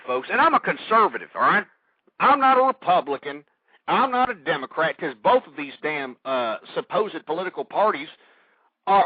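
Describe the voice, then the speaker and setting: A man's voice: high voice, no room sound. A man with a Texan accent hosting a political talk radio show, ranting heatedly, swearing and repeating himself. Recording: dull lo-fi radio recording.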